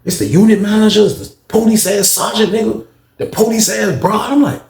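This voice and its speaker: A man telling a prison story in casual, animated fashion, acting out everyone's voices with heavy slang. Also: sits high, brisk, creaky, reverberant.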